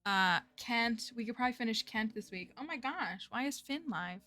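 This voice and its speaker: A woman's voice: on the high side, expressive, moderate pace, pushed and bright, soft background music. A woman streaming a game, chatting casually as she plays, thinking aloud and talking to her viewers. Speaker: livestreamer. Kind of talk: casual gameplay commentary.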